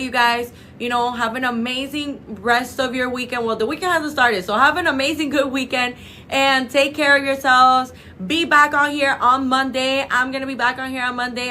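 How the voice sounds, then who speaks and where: A woman chatting on a live stream from a clinic office, her voice bright and a touch high. She gushes and fills every pause with "you know" and "like," and calls her viewers babe and girl. A faint hum sits under her voice. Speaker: cosmetic clinic representative hosting a live stream. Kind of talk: casual live stream chat. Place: cosmetic surgery clinic office.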